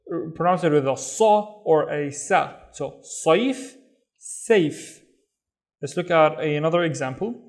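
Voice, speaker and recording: A man with a Saudi accent teaching a reading lesson, sounding out syllables and repeating each word slowly. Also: on the high side. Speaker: Arabic teacher. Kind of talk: slow, careful reading lesson.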